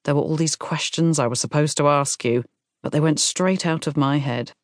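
A woman's voice: deep voice, moderate pace, no room sound, studio quality, natural voice. A woman voicing a nervous, tender man in his forties who talks earnestly and apologetically.

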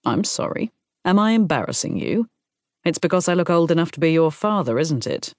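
A woman's voice: deep voice, big pitch swings, brisk, a little mellow, dry recording, clean studio sound. A woman voicing an earnest middle-aged man. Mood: eager, sheepish. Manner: earnest, apologetic, eager. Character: man in his forties, tender and nervous.

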